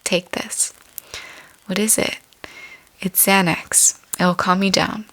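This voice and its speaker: A woman whispering the lines of a caring young roommate in a soft, soothing way, as whispered role-play. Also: medium pitch, steady tone, slow pace.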